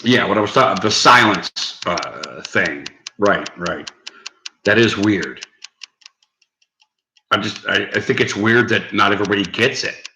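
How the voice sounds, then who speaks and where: A man with a lowish, pushed, bright voice talks a little slowly and pauses often. On his casual late-night live stream he rambles, swears, laughs at his own lines and chats with commenters; the room echoes and there's faint background noise.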